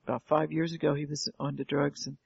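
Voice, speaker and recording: A woman's voice: low-pitched, little pitch movement, a little fast, vocal fry, a little mellow, breathy edge, dry recording. An older woman preaching a fervent sermon, calling out "Amen" and firing rhetorical questions at the congregation. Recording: dull lo-fi, dry sound.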